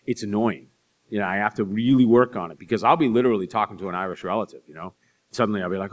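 A middle-aged man, an author, answering audience questions with chatty, self-deprecating stories and quick asides. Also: fairly low pitch. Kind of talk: live Q&A storytelling.

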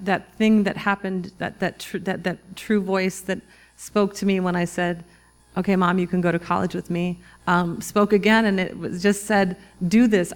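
A woman in her forties, an author telling a personal story to a live audience in a reflective, halting way, with many restarts and fillers. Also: on the low side. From Minnesota, US. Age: 40s. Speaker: author giving a talk.

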